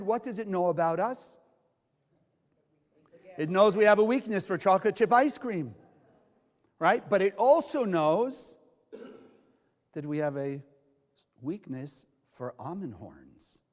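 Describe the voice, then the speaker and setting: Recorded with a big-room sound, this high-pitched male speaker leads a live Kabbalah lesson. He animatedly quizzes his listeners and performs the inner voices people hear in their heads.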